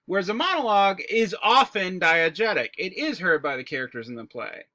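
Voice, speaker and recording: Bright, casual male English teacher. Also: high voice, very animated, brisk, no echo. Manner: explanatory, breaks words apart, casual asides. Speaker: high school English teacher. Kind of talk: recorded classroom lecture.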